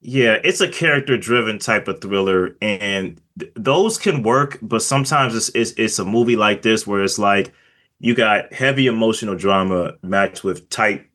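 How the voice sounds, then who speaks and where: Low-voiced man rambling about a film. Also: normal speed, bright, forceful tone. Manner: rambling, many fillers and restarts. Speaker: film reviewer. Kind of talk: casual podcast discussion.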